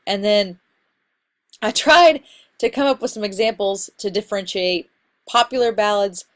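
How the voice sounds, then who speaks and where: A woman instructor giving a casual recorded lecture on poetry terms, explaining in a relaxed, conversational way with fillers. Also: medium pitch, moderate pace. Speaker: college literature instructor.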